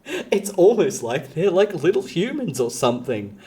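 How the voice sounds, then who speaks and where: A woman's voice: low voice, very animated, moderate pace, dark tone. A woman chatting casually on a live stream. She rambles, swears freely and laughs often.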